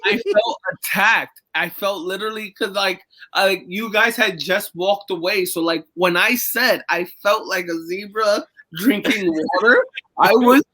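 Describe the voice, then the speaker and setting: A man in casual podcast banter, telling a story in an animated, laughing way with plenty of swearing. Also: sits high, measured pace. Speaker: podcast co-host.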